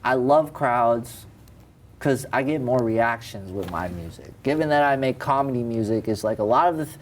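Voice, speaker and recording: A man's voice: mid-range voice, lively intonation, normal speed. Rapper guest, man in his thirties, candid and rambling, faint background hiss. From Cambridge, Massachusetts. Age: 30s. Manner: candid, rambling, self-correcting. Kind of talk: casual interview talk. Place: TV studio.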